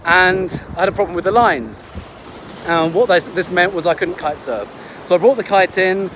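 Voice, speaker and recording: A man's voice: sits high, normal speed. A man, a health coach chatting upbeat in a casual vlog story, often restarting his sentences. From England. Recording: wind and ocean noise behind.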